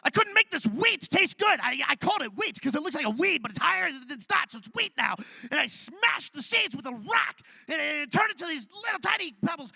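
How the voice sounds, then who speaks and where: Man doing a frantic shouting caveman. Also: very high-pitched, creaky, no room sound, pitched above the performer's own voice, exaggerated voice. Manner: shouting, breathless bragging. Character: frantic prehistoric man inventing pancakes.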